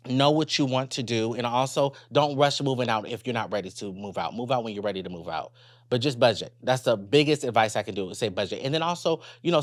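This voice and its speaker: A man's voice: on the low side, no room sound, clean studio sound. A man hosting a podcast in a sassy, blunt and playful casual chat. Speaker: podcast host.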